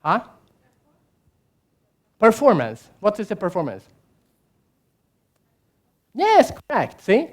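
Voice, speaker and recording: A man's voice: sits high, slow pace, long pauses. A man giving a keynote speech at a conference, telling stories, putting questions to the audience and acting out the quotes. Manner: animated storyteller, asks the audience questions, acts out quotes. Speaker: keynote speaker. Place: large conference hall.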